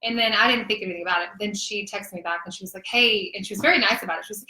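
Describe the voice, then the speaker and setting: A woman in her thirties, a guest telling a personal story in an earnest, emotional, animated way. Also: medium pitch, fast talker, roomy sound, low-quality recording. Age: 30s. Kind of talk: candid personal testimony in conversation.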